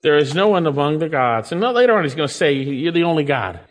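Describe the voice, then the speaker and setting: A man preaching a sermon, reading scripture aloud and explaining it, swinging from emphatic highs to hushed, low asides. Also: big pitch swings, fast talker. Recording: long reverb of a large hall.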